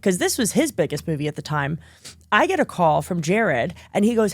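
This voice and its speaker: A woman's voice: mid-range voice, quick pace, dry recording, clean studio sound. A young adult woman, a guest actress, telling stories in a casual podcast chat and acting out the people she quotes. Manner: animated, acts out quoted dialogue.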